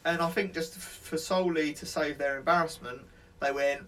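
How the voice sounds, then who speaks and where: A man's voice: fairly high pitch, fairly even intonation, a little fast, a bit bright. Sweary man telling army stories. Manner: swearing, rambling, laughing anecdotes. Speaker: ex-soldier telling war stories. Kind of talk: casual podcast chat.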